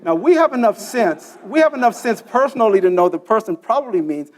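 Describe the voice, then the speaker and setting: Brisk and lively in intonation, a man with a high voice presents a technical lecture in a conference session room. He breaks things down step by step, asks the audience questions, and checks understanding with frequent "okay?".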